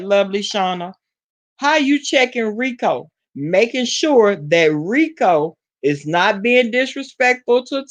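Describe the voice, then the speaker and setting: Southern woman vlogger, sassy live-chat gossip, laughs a lot, mid-pitched. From Alabama. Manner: sassy, talks straight to chat, laughs often. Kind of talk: casual live-stream gossip.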